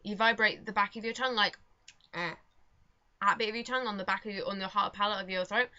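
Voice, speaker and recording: A woman's voice: medium pitch, fairly even intonation, racing, pushed and bright. A young woman vlogging in casual chat at home, rambling and self-mocking with lots of fillers. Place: home room. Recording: dull lo-fi home recording.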